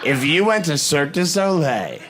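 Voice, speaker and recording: A man's voice: a little high, moderate pace. A young adult man from Boston with a Boston accent doing a stand-up comedy set, telling stories animatedly on stage and acting out other people's lines. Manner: animated storytelling, acting out voices. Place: comedy stage before a live audience.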